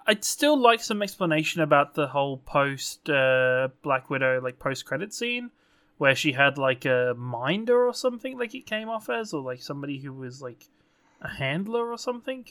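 A man co-hosting a casual podcast chat, animated and casually swearing. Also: a little high, moderate pace. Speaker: podcast co-host.

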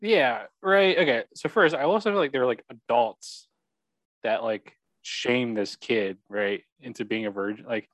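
Tipsy man, mid pitch, jokey interjections, dry close sound. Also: fairly bright tone, dry recording. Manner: joking, quick interjections. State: a little tipsy. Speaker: podcast co-host. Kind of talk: casual movie review chat.

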